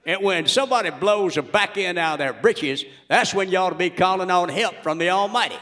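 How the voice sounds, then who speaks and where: A man doing a loud, crude ranting everyman. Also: high-pitched, expressive, brisk, noisy background. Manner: loud, indignant rant with shouted punchlines. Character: crude, ranting middle-aged American everyman. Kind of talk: comedic monologue.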